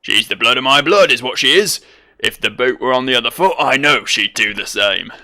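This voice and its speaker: A gruff, blustering sky pirate barks out old-timey threats in a piercingly bright, forceful voice, as a man puts him on. His pitch sits in a plain middle range while he plays the hard-headed buccaneer of a video game. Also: animated, fairly quick. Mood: grim. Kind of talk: reading game dialogue aloud in voices.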